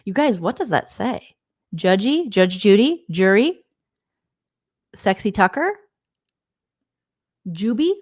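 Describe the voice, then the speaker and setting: Here a young adult comedian takes her time, leaving long pauses, her medium-pitched voice very animated with a darkish tone. She chats directly to viewers while roasting a reality show with sarcasm and gossip, mimicking its cast in exaggerated voices.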